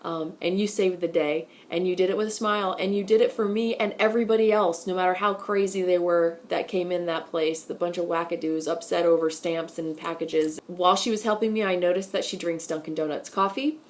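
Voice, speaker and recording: A woman's voice: on the low side, fairly even intonation, brisk, hardly any pauses. A woman in her thirties talking in a chatty, effusive way into her phone from a car, as a vlogger. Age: 30s. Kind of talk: casual vlog talk to camera.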